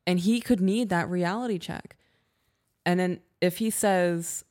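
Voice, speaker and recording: A woman's voice: fairly low pitch, a little slow, a little mellow. A woman co-hosting a podcast, giving frank, conversational relationship advice in casual chat. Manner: frank, conversational, acts out example dialogue. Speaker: podcast co-host.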